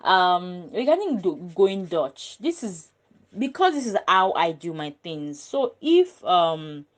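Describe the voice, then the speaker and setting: A woman with a fairly low voice speaks in a casual panel discussion. She argues her view earnestly and emphatically. Her talk is full of ums and restarts. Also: big pitch swings, slow pace. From Nigeria. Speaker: panel guest.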